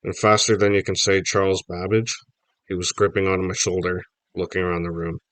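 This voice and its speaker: Deep-voiced man reading a children's book. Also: a little fast, no room sound. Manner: lively first-person storytelling. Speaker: audiobook reader. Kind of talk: reading a children's novel aloud.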